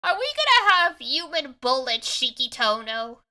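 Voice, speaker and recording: A young woman streamer reacting to a visual novel with excitable, swearing, laughing commentary on a desk mic. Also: sits high, moderate pace, poor audio. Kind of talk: casual game commentary.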